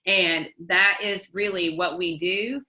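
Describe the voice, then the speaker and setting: A woman's voice: fairly low pitch, fairly even intonation, takes it slowly, sharp tone, echoey room, rough recording. A woman leading a casual group coaching talk, chatty and upbeat, quoting sayings and laughing easily. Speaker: team leader teaching a book study.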